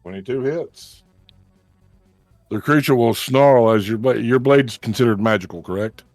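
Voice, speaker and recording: A man narrating as game master of a tabletop game, with measured, descriptive narration and casual asides. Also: medium pitch, darkish tone, no room sound, faint music behind.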